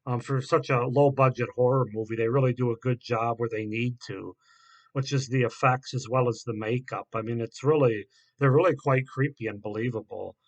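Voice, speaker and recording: Man, casual film reviewer, halting delivery, lots of ums and restarts, mid-pitched voice. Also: steady tone. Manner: halting, many fillers and restarts. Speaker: horror movie reviewer.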